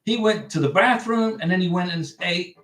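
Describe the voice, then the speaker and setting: A man's voice: high voice, moderate pace, fairly bright tone. Chatty middle-aged man, echoey room. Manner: chatty, rambling, frequent restarts. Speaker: livestream host giving visa advice. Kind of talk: casual livestream chat reading viewer comments. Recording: echoey room, distant mic.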